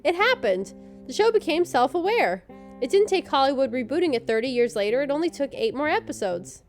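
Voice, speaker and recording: A woman's voice: high voice, very animated, a little fast, soft background music. Snarky woman recapping a TV episode. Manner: sarcastic, snarky commentary. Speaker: podcast co-host.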